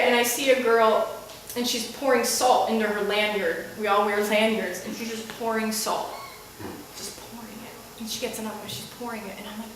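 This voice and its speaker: Bright exasperated woman telling stage stories. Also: on the high side, distant mic, a little hiss or hum. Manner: exasperated, animated, self-mocking. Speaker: comedic storyteller. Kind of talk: live solo storytelling on stage. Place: theater stage before an audience. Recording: echoey room picked up from afar.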